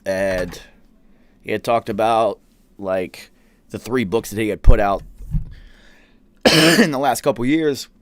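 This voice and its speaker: Low-voiced man telling rambling stories. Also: takes it slowly, pauses often. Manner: profane, rambling anecdotes with laughs. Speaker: podcast host. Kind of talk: casual storytelling.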